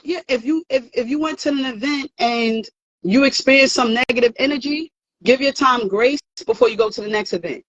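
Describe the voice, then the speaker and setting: A woman's voice: sits high, brisk, no room sound, lo-fi sound. A woman giving earnest, emphatic advice in a casual talk, often repeating words as she goes. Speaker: therapist host.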